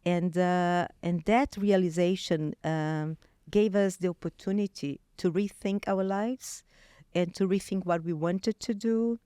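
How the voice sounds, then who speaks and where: A woman's voice: on the low side, unhurried, clean tone, no room sound, clean studio sound. Brazilian-accented woman telling a personal story. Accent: Brazilian Portuguese. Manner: animated, many restarts and fillers. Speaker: guest.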